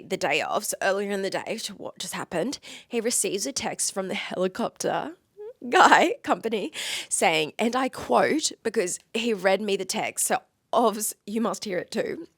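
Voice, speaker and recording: A woman's voice: medium pitch, a bit bright, no room sound, studio quality. A young woman hosting her own podcast, telling a personal story in a gushing, emotional way and often breaking into giggles. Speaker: podcast host.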